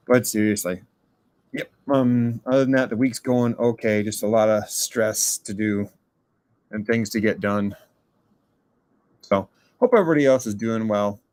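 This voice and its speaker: A man's voice: fairly low pitch, no room sound. A man from Minnesota, chatting casually in a recorded voice message and ending sentences with "eh". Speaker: listener sending a voice message.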